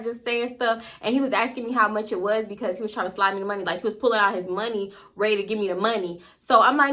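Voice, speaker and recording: A woman tells a storytime vlog with a bright, sharp voice. She is animated and profane, and she acts out every voice herself. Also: a little high, fast. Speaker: storytime vlogger.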